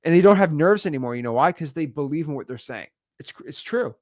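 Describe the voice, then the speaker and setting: A man coaching on real estate wholesaling, energetic and repetitive, acting out example calls. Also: on the high side, fast. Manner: energetic, repeats words, acts out examples. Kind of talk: teaching talk on video.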